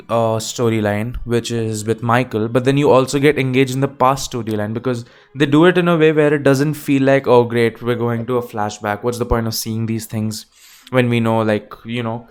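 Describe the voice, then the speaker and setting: Male podcaster, mid-pitched, loose chatty delivery with many restarts, soft music underneath. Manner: rambling, self-correcting, loose and chatty. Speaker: movie review podcaster. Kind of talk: casual solo film discussion. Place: home room with an open window.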